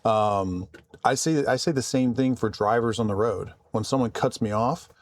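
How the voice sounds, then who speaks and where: A man vlogging casually about his work, calm and conversational with frequent restarts. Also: medium pitch, normal speed. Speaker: vlogger and IT support worker. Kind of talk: casual storytelling to camera.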